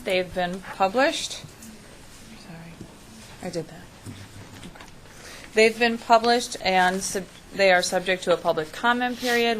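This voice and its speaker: Woman exec director giving a meeting update, talks up loud so people calling in can hear, faint hiss behind. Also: mid-range voice, rough recording. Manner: businesslike, raises her voice for remote listeners. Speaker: executive director. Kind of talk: meeting report. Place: meeting room.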